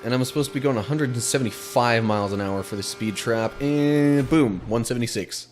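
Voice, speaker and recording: A man's voice: mid-range voice, fast, faint music behind. Chatty man narrating a racing game. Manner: chatty, laughs easily, excitable while driving. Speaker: gaming channel host. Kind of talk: casual let's play commentary.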